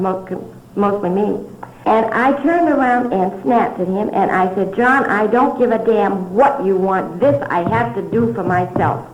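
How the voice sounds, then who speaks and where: A woman's voice: mid-range voice, a little mellow. An older woman speaking at a recovery meeting, telling her story candidly with little chuckles and asides. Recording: dull roomy 1970s hall recording.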